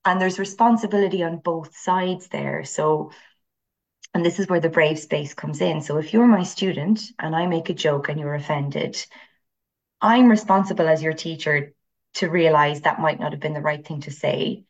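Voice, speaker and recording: Low-voiced Irish woman telling classroom stories. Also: normal speed. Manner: animated storyteller, acts out voices. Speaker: teacher and guest. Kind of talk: conversational interview.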